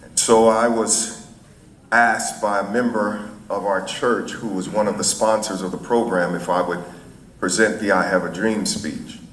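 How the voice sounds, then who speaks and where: A man's voice: on the low side, fairly even intonation, a little slow, fairly bright tone, a little hiss or hum. A middle-aged man from St. Louis, a chaplain, telling a folksy story to an audience. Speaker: chaplain and speaker. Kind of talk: storytelling before a speech. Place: event hall. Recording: echoey hall, faint ambience.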